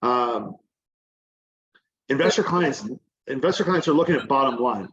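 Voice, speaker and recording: A man of middle pitch walks his audience through a casual teaching presentation as a guest speaker. His delivery is chatty and loose, peppered with fillers. The audio is dull and lo-fi, like a video call mic. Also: expressive, unhurried, a bit bright. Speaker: guest presenter on real estate exchanges.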